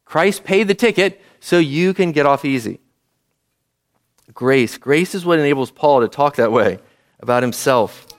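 Lively, animated male pastor preaching. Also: medium pitch, a little slow. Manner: lively, conversational, asks the congregation questions. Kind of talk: sermon.

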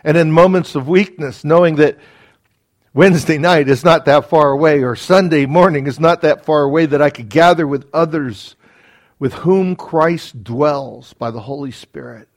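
A man's voice: on the high side, normal speed. A man preaching a sermon as pastor, earnest and building to emphatic peaks, with casual asides. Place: church.

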